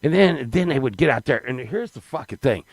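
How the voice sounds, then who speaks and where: A man telling a rambling, profane comic story, swinging between loud excited bursts and low mutters. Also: fairly quick, no echo, poor audio. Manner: profane, rambling, animated, with sudden drops to mutters.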